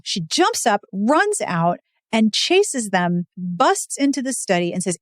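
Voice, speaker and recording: A woman's voice: mid-range voice, unhurried, no echo, clean studio sound. A woman co-hosting a podcast, recapping a book in casual chat and acting out the characters' lines. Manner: animated retelling, acts out dialogue. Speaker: podcast co-host.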